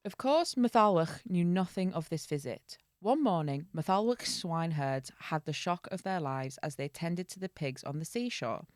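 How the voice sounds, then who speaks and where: A low-voiced woman reads an old folk tale aloud on a casual podcast. She keeps the narration chatty and drops in quick jokey asides. The sound is close and dry. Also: animated, dry recording. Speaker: podcast host.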